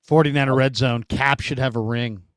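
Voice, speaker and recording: A man hosting a casual sports talk show, telling stories in an animated, emphatic way. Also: medium pitch, moderate pace, clean tone, dry recording, studio quality.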